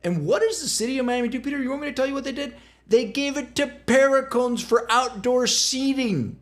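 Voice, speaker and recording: A man talks through a casual podcast, blunt and animated and quick to swear. His voice sits high, and his pitch leaps and drops constantly as he tells stories. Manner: animated storyteller, blunt and profane. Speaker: real estate agent co-host.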